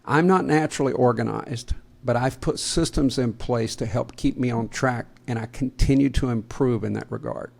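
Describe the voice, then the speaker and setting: A gravelly-voiced man with a Southern American accent, speaking at an ordinary middle pitch. He co-hosts a podcast in a loose, joking way and laughs easily. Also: normal speed, few pauses, a little mellow. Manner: joking, laughs often, restarts sentences. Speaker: podcast co-host. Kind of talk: casual podcast chat.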